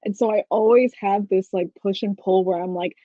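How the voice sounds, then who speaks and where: A woman's voice: mid-range voice, fairly even intonation, normal speed, warm tone, no room sound. A chatty woman author talks through her writing, full of fillers and little laughs. The audio is dull and lo-fi, and the sound is dry and close. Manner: chatty, lots of "like", laughs while explaining. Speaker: author guest. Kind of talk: casual video-call interview.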